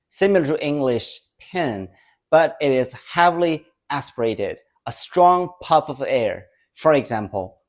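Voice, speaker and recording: A man teaching Mandarin pronunciation in a scripted lesson, saying syllables slowly and clearly and drilling them for the listener to repeat. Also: medium pitch, expressive, a little mellow.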